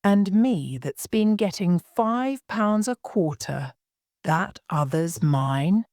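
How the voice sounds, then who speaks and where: A woman's voice: on the low side, lively intonation, slow, a little mellow, no room sound, studio quality. A woman voicing a timid young working-class maid who has just become an heiress, speaking plainly and anxiously. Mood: wondering.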